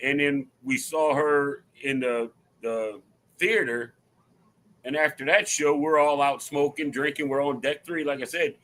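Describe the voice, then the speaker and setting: Man, upbeat storyteller, keen tone and a bit high, talks like he's with buddies. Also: measured pace, poor audio. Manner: animated storyteller, slangy with dude and bro. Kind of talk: casual chat.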